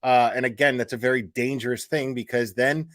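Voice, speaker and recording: This man hosting a casual YouTube commentary stream has a mid-range voice, talks briskly and keeps his intonation fairly even. Exasperated and blunt, he swears, restarts and fills gaps with fillers.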